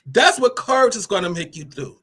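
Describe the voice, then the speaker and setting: A woman hosting a motivational talk with a brassy, animated delivery, cursing freely and calling listeners honey and baby. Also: mid-range voice, brisk, slightly rough. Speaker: host of a motivational talk show.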